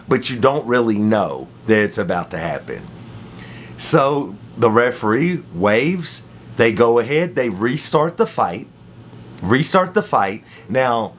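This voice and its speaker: Male host, lively pitch, casual storytelling recap with slang, faint rumble under the voice. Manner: animated storytelling with slang and repeated phrases. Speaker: MMA commentary host. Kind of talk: casual fight recap monologue.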